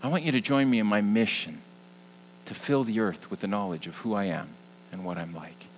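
A man voicing God as a gentle, loving male presence, speaking in a soft, hushed, reassuring way. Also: lowish voice, a little fast, slight background noise, lightly acted, rough recording. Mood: tender hush.

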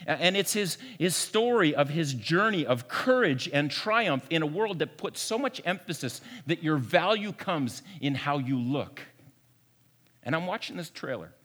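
Expressive male pastor in an echoing hall. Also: on the high side. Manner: expressive, swings from hushed to emphatic, repeats words. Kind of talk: Easter sermon. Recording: long reverb of a large room.

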